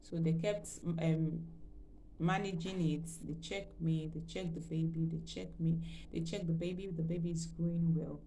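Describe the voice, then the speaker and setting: Woman vlogger, lowish voice, emotional rambling storytelling, faint room hiss. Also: fairly even intonation, moderate pace, dark tone. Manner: emotional, rambling with fillers and repeats. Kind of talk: personal storytelling.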